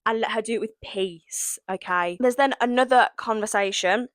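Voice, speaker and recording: A woman's voice: on the high side, normal speed, few pauses, a bit bright, no room sound. Young woman, vlogger, mock-outraged, sarcastic, dry close sound. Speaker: vlogger recapping a reality show. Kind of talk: casual reaction commentary.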